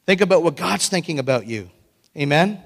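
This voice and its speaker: Energetic pastor preaching in a reverberant hall. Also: male voice, on the high side, a little fast, gravelly. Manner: animated, breaks into excited shouting and laughter. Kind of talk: sermon. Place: church sanctuary.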